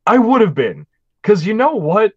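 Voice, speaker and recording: A man's voice: sits high, big pitch swings, moderate pace. Blunt jokey man, dull sound. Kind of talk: casual chat.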